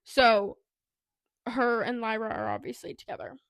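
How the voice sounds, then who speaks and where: Another woman co-hosting the podcast walks through a book's story in a relaxed, talkative way, leaning often on "like" and "anyway." She sounds slightly high and sing-song at a normal speed, recorded cleanly in a studio with no echo.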